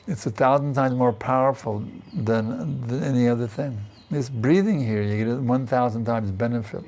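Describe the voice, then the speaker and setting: A man's voice: mid-range voice, darkish tone. An older man teaching a scripture class in a temple, talking in a chatty way and often asking "isn't it" and "you see". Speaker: spiritual teacher giving a class. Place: temple in Vrindavan.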